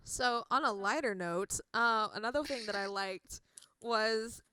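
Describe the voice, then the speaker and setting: A woman's voice: a little high, unhurried, bright, forceful tone, smooth. A young woman co-hosting a fan podcast in casual chat, giggly and hesitant, with many "uh" and "um" fillers. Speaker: podcast co-host.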